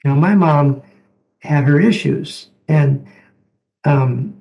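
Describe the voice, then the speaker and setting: A man who is a doctor, speaking as an interview guest, telling stories in a gentle, halting way that repeats words. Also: a little high, muffled recording. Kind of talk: reflective storytelling in conversation.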